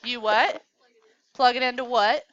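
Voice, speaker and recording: A woman's voice: a little high, steady tone, measured pace, fairly bright tone, dry recording, dull audio. A woman teaching a math class, coaxing students along with questions in a classroom lecture.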